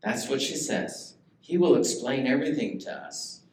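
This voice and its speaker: A man's voice: mid-range voice, very animated, moderate pace, vocal fry, a little mellow. A man preaching a sermon as pastor, talking in a conversational way and putting questions to the congregation. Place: church sanctuary. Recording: echoey church room, faint ambience.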